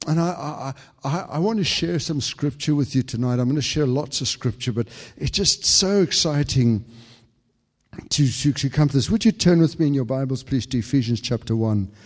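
Fervent preacher man, echoing hall. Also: moderate pace. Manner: fervent, builds to high excited peaks; frequent stammered restarts. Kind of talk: sermon.

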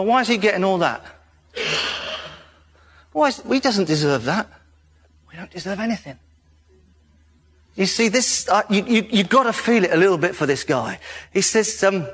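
A male preacher giving a jokey, animated sermon in a church hall. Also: high-pitched. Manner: animated, jokey, laughs often. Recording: reverberant hall.

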